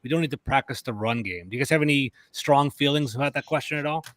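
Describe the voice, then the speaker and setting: A man's voice: medium pitch, fairly bright tone, no room sound. A man hosting a casual sports roundtable, rambling and conversational as he leads the discussion. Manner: rambling, conversational, fast-talking. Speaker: podcast host.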